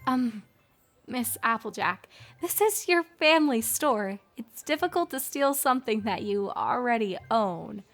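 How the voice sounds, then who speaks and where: A woman voicing a polite, formal female store manager in a fanfic audiobook reading, courteous and softly spoken. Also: a little high, lively intonation, a little slow. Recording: faint music behind.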